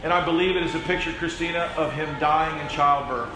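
A man preaching a sermon as pastor, telling the story with animated voices and calling on listeners by name. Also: fairly high pitch, fairly quick, noisy background. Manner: speaks directly to congregation members by name.

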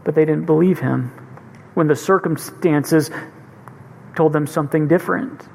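A man's voice: a little high, a little slow, vocal fry, a little mellow, a little hiss or hum. A man preaching a sermon, earnestly retelling scripture with urgency. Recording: long hall reverb.

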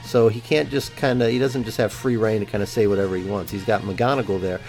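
A man's voice: on the low side, steady tone, fast talker, darkish tone, faint music behind. A man co-hosting a podcast, chatting casually about a book, joking and talking in loose, restarting sentences. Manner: rambling, many fillers and restarts, jokey. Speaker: podcast co-host.

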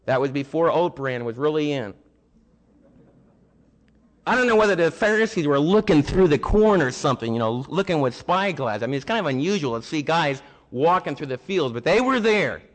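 A male pastor preaching in a conversational, humorous storytelling manner. His voice sits fairly high for a man. It carries a long reverb from a large church sanctuary. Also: sing-song, moderate pace. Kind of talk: sermon.

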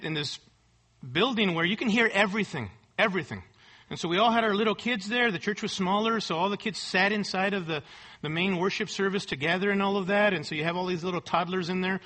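Bright, high-voiced preaching man. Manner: emphatic, repeats key words, frequent rhetorical "right?". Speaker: pastor. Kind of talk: expository sermon. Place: church service.

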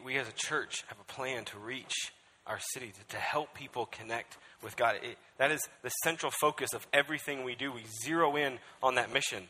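A man's voice: medium pitch, bright, forceful tone, breathy edge. A male pastor preaching a sermon with emphasis, often checking in with the crowd by asking "right?". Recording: echoey hall.

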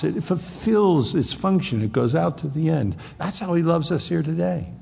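A male pastor preaching a sermon with emphatic swings from loud stress to soft, low asides, with a husky, gravelly voice. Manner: emphatic, rising to bursts of loud stress then dropping soft. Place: church hall. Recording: long hall reverb.

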